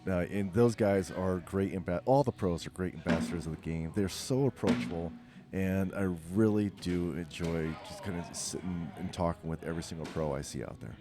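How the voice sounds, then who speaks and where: Deep-voiced man hosting a chat. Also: brisk, music in the background. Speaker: podcast host. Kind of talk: casual interview chat.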